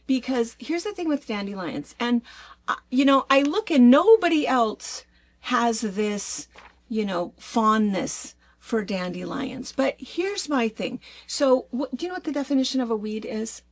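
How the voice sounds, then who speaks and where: A middle-aged woman from Washington State co-hosting a casual chat, talking in an animated, ranting way. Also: a little high, measured pace, no echo. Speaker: co-host.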